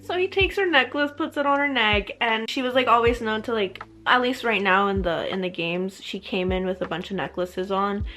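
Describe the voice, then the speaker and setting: A woman's voice: medium pitch, steady tone, normal speed, few pauses, fairly bright tone, soft background music. A young woman vlogging about a book, reading passages aloud and reacting with strong emotion between them.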